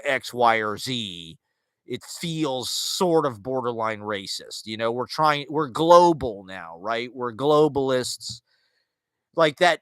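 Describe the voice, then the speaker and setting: In a casual podcast monologue about literature and culture, a male host with a bright, forceful, mid-range voice wanders loosely, circling his points with fillers, restarts, and wry asides. The recording is dry and close, with no room sound at all.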